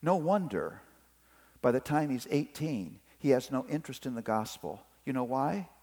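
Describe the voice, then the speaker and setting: A man's voice: medium pitch, normal speed, husky. A middle-aged man preaching a sermon on parenting, telling family stories and acting out the voices. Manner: animated storytelling, acts out family voices. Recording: long hall reverb.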